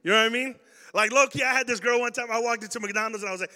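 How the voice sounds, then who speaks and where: Animated young male youth preacher. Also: very high voice, rapid-fire, in a large hall. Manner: animated, slangy, swings from loud stories to hushed points. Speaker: youth pastor. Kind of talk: energetic youth sermon with storytelling.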